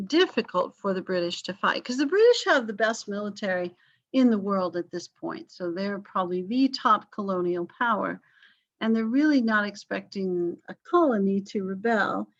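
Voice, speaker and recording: A woman teaching a history class online in a relaxed, conversational way, with frequent fillers and apologetic asides. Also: medium pitch, highs cut off. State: coughing, yawning.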